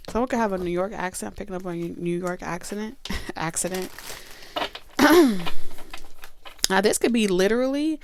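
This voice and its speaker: A woman's voice: medium pitch, moderate pace, clear, resonant tone, no room sound. A woman giving a casual tarot reading, chatty and emphatic, cursing freely and talking straight to her viewers. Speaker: tarot reader.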